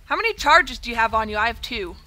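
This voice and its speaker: A woman's voice: fairly high pitch, expressive, fast talker, bright, forceful tone. A woman hosting a gaming video, playing and commenting in a playful, self-mocking, dramatic way. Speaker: gaming channel host.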